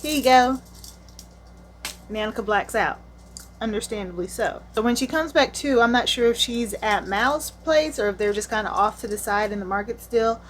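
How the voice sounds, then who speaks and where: A woman's voice: medium pitch, moderate pace, slight background noise. A woman reviewing a manga, retelling the plot in a casual, slangy style with candid asides.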